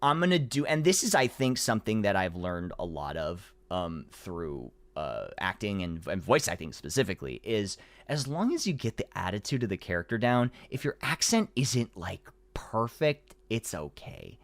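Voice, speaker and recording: Lively, rambling voice-actor guest. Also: male voice, on the low side, normal speed, hardly any pauses, no echo. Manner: animated, rambling storytelling with many restarts. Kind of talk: casual podcast conversation.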